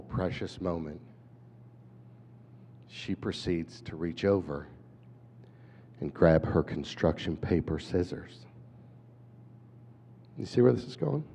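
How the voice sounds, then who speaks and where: A man in his fifties, an animated storyteller who acts out voices, giving a talk at a conference. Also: deep voice, slight background noise. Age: 50s. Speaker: conference speaker. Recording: dull hall recording with long reverb.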